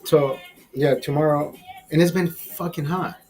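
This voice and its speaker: A man's voice: on the high side, fairly even intonation, measured pace, a little mellow, slightly rough, soft background music, rough recording. A man hosting a livestream, chatting to his viewers in a profane, rambling, easygoing way. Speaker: livestream host. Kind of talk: casual chat to viewers.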